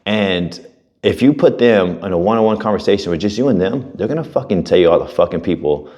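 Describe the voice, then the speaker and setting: A man's voice: low-pitched, animated, brisk, dark tone. A young man co-hosting a podcast, casual chat with a fired-up, profane motivational drive. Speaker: podcast co-host.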